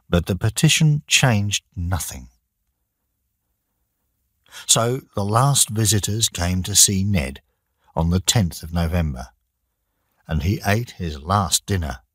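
Deep husky guy narrating a learners' audiobook, slow and lively, dry sound. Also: no room sound. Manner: slow, plain, deliberate reading for learners. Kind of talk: graded-reader audiobook narration.

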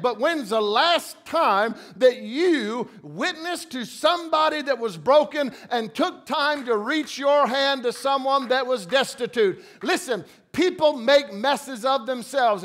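A male preacher with a very high-pitched voice delivers a fervent sermon. He swings between earnest appeals and playful mimicry of churchgoers' voices. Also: a bit bright.

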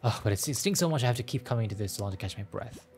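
A man's voice: medium pitch, lively intonation, rapid-fire, darkish tone, faint music behind, lightly acted. A man voicing a stressed, fussy middle-aged woman in a game, harried and talking in a rush. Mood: flustered.

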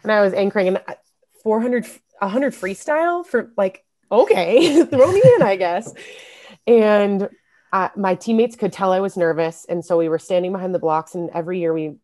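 A young adult woman, a guest on a podcast interview, telling stories in a casual, lively way and laughing often. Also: lowish voice, a little fast. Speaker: interview guest, former college swimmer. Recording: podcast audio.

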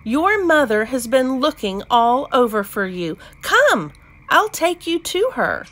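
A woman voicing an excited, bustling bird in a storybook read-aloud. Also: sits high, exaggerated voice. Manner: excited, hurried. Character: chirpy, bustling red and blue bird.

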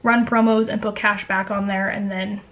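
A young Canadian woman vlogging in a quick, chatty way, full of fillers and asides, giving travel tips to camera. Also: mid-range voice, little pitch movement, dull audio. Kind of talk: casual chat to camera.

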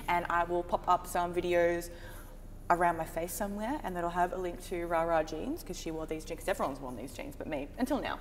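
A woman's voice: fairly low pitch, fairly quick, big-room sound, a little hiss or hum. A woman, a model, chatting casually and giggling, a little self-conscious. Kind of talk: casual chat, playful. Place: photo studio.

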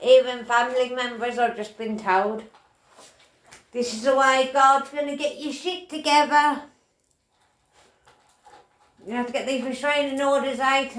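A woman's voice: high-pitched, steady tone, a little slow. A woman giving a casual, rambling spiritual reading to camera, swearing often and calling the listener mate and darling. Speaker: tarot reader.

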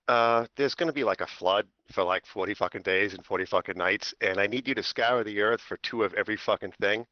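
A man's voice: lowish voice, a little fast, no echo, pitched below the performer's own voice, natural voice. A man voicing God as a casual, profane, offhand male figure. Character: deep weary God speaking casually, male. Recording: dull lo-fi voice chat.

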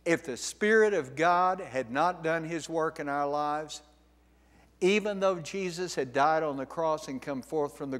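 A man's voice: a little high, fairly bright tone. A man preaching a sermon as pastor, emphatic and direct, asking his congregation rhetorical questions. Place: church sanctuary. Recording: long reverb of a church hall.

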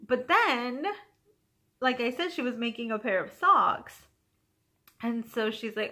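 A young woman hosting a knitting vlog, chatting casually at home and telling an anecdote with frequent giggles and playful voices for her friends. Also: moderate pace. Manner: animated, giggly, quotes friends in higher voices. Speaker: knitting podcast host.

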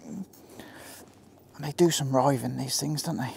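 A man's voice: medium pitch, measured pace, creaky, a little mellow, husky. Chatty Hampshire man fishing from a boat. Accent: Hampshire English. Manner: chatty and easygoing, talks to the fish and the viewer. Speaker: angler vlogger. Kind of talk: casual running commentary while fishing. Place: small boat out at sea.

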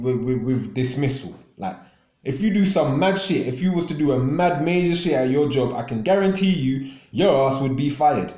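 A man's voice: mid-range voice, darkish tone, reverberant. A man hosting a radio show, ranting angrily with constant swearing and repeated words. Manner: angry, profane, repetitive. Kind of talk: ranting monologue.

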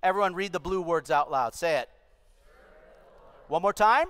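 A middle-aged pastor preaches in a large church auditorium, exhorting the congregation and calling on them to respond aloud, with long hall reverb on the recording. His voice is high, brisk, fairly bright, clear and resonant, broken by long pauses.

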